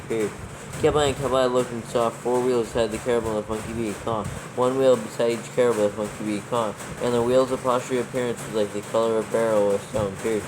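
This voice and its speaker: Man rapidly dictating text with punctuation. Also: mid-range voice, noisy background. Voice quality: fast, run-on reading with stumbles. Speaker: proofreader reading scripture aloud.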